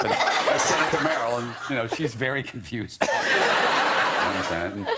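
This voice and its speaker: A man's voice: mid-range voice, animated, a little slow. A middle-aged man, a talk show guest, telling funny anecdotes and laughing through them. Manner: chatty, laughs through his stories. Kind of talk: anecdotal storytelling. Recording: loud noisy studio recording.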